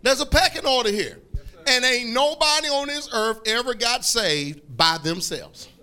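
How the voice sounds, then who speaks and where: A man preaching a fiery sermon, repeating phrases, calling for responses and breaking into shouts. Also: extremely high pitch, expressive, normal speed, clean tone.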